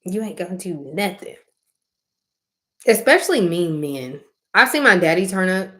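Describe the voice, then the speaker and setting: A woman's voice: fairly low pitch, normal speed. Young woman telling stories animatedly. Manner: animated storytelling, acting out quotes; frequent fillers and laughing asides. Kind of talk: casual chat.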